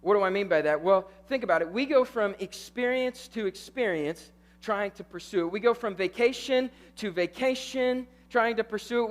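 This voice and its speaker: High-voiced man preaching to youth. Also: normal speed, few pauses. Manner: animated, keeps asking "right?". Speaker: youth pastor. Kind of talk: youth sermon storytelling.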